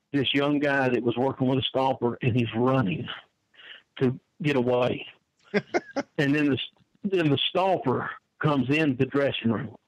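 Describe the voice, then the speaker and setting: A man's voice: fairly high pitch, no room sound, dull audio. An older man, telling wrestling stories in a folksy way and often repeating his words. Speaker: wrestling manager guest. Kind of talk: storytelling interview answer.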